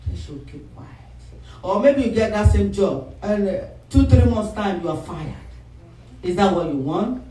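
A middle-aged woman preaching a sermon, emphatic and building to shouts, calling for responses from the congregation. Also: on the low side, a little hiss or hum. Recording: echoey hall, voice from far off.

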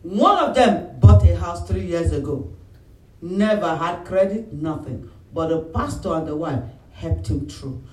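A pastor, preaching an animated sermon and acting out phone calls and voices of his church members. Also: a little high, a little slow. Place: church hall. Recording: roomy echo, mic at a distance, faint room noise.

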